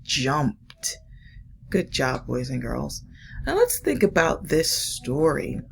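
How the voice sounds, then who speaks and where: Slow, patient woman teaching first graders. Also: sits low, sing-song, gravelly, slight background noise. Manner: slow, patient, encouraging teacher talk to young children. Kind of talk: remote phonics lesson and read-aloud.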